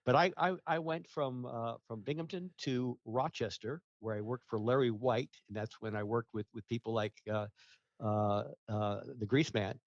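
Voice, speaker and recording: A man recalls his years in radio in an unhurried, rambling way. He stumbles over fillers and restarts. His voice sounds muffled and dry. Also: medium pitch, fairly even intonation, no echo. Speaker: guest, radio ratings researcher. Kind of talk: casual interview talk.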